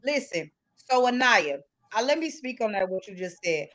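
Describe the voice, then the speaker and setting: Blunt high-voiced woman podcast host. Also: sing-song, moderate pace, fairly bright tone, poor audio. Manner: blunt, emphatic, repeats herself to hold the floor. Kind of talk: heated casual talk on a live call-in podcast.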